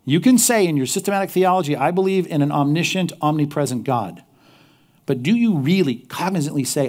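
Animated preaching man. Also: on the high side, fairly quick. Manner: animated, dropping to quiet, intense emphasis. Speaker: pastor. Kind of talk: sermon.

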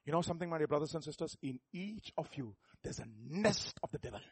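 A middle-aged pastor, preaching a sermon full of rhetorical questions that builds to emphatic peaks. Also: male voice, on the high side, expressive, fast, a little mellow, breathy edge, dry recording.

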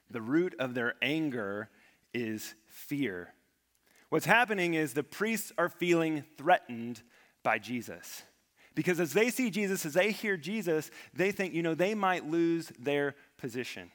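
Pastor type, man with a fairly high voice, earnest sermon delivery, long hall reverb. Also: sing-song, measured pace, a bit bright. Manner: earnest, repeats words for emphasis.

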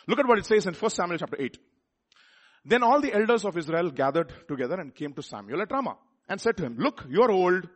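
A man with a Telugu accent preaching a sermon, repeating words and building up to loud rhetorical questions. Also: sits high. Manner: repeats words and restarts phrases.

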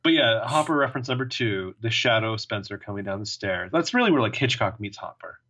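Bright-voiced, joking male podcast co-host. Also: lowish voice, expressive, quick pace, highs cut off. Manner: joking, rambling, lots of fillers. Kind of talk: casual chat.

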